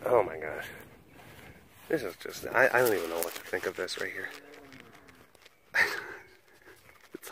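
Outdoors at a wild animal facility, a man who keeps big cats and hosts videos chats casually and coos at the animals in gushing baby talk. His medium-pitched voice is expressive, unhurried and a bit bright, with frequent pauses and a little background hiss or hum.

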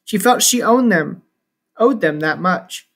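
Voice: mid-range voice, animated, measured pace. A reader narrating a novel chapter aloud, with small slips and restarts. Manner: unpolished reading with slips and restarts.

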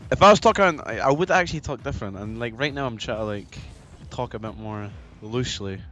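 A young Scottish man chatting on a live gaming stream, excitable and swearing freely, often breaking into laughter. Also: mid-range voice, fairly quick. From Scotland. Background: faint music.

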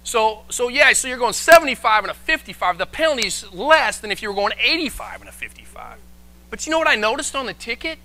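A man preaching a sermon as pastor, animated and acting out the voices he quotes. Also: very high voice, fairly quick. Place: church, live stream.

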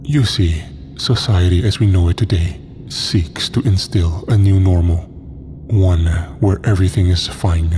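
A man voicing a calm, zealous cultist who speaks in a deep, slow monotone. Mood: calm menace. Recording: long hall reverb with faint noise.

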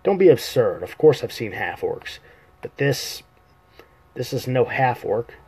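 A man's voice: medium pitch, darkish tone, natural voice, rough recording. A man voicing a suspicious male elf warrior in a live reading of a fantasy novel, questioning and scornful.

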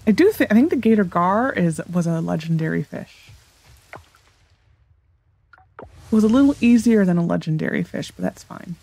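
A woman hosting a let's play, chatting casually and thinking aloud as she corrects herself, recorded on a desk microphone set a little loud. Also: on the low side, lively intonation, a little fast, creaky. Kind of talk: casual gameplay commentary.

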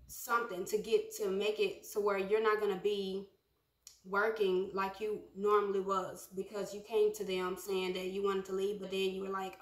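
A woman's voice: mid-range voice, reverberant. A young woman giving a casual prophetic message to her followers, talking conversationally with many ums and repeated phrases. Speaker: prophetic speaker.

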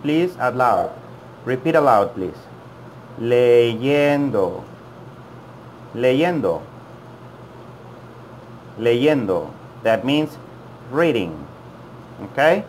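A man teaching a language lesson, repeating words slowly and patiently for learners to copy. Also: medium pitch, slight background noise. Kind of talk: slow, deliberate language lesson.

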